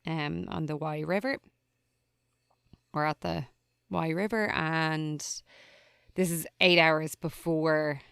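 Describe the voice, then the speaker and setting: Low-voiced woman chatting. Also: fairly even intonation, slow pace, creaky, pauses often, a bit bright, smooth, no room sound, clean studio sound. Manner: chatty, amused, lots of "like" and "um". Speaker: podcast co-host. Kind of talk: casual recap chat.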